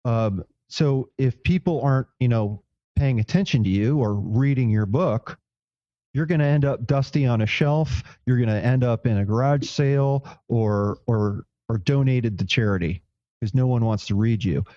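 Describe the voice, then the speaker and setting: A man's voice: mid-range voice, moderate pace, warm tone, no room sound, dull audio. A man co-hosting a podcast, reflecting aloud in casual chat with many restarts. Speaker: podcast co-host.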